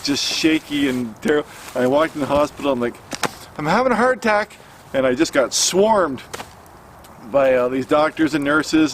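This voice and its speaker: A middle-aged man casually telling a personal story to camera, halting with many fillers and restarts, recorded outdoors. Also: a little high, a little hiss or hum. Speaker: outdoor cooking vlogger. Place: outdoors by a campfire.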